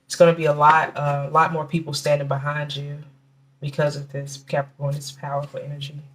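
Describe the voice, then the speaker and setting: A woman giving a casual tarot reading, talking in a chatty, halting way with many restarts and fillers, and slowing down to name the cards. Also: low-pitched, completely flat delivery. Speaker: tarot reader.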